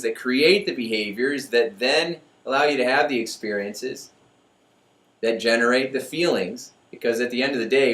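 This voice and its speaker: A middle-aged man giving a lively motivational talk as host, often acting out voices in his stories. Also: medium pitch. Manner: energetic, acts out voices in stories. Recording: echoey room, mic far off.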